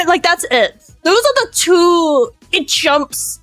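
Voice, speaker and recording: A woman with an Australian accent chatting on a live stream, energetic, loud and rambling. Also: very high voice, takes it slowly, no echo, soft background music, rough recording. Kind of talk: casual live-stream chat.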